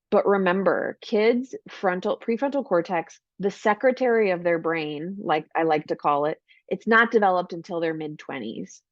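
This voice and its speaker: A woman's voice: fairly low pitch, moderate pace, few pauses, no echo, highs cut off. A woman giving an online parenting workshop in a casual, chatty way, full of "like" and "right?", acting out encouraging lines for parents. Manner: acts out warm parent lines in a brighter voice.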